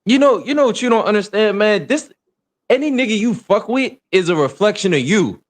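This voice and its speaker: A young man, lecturing forcefully with heavy profanity in a casual livestream discussion. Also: high-pitched, expressive, a little fast. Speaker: livestream co-host.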